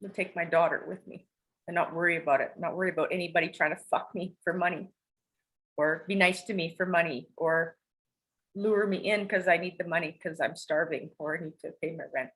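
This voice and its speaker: A woman's voice: lowish voice, fairly even intonation, fairly quick, a bit bright, low-quality recording. A woman telling personal stories as a podcast guest, rambling, emotional and confessional, with casual swearing. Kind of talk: candid personal storytelling.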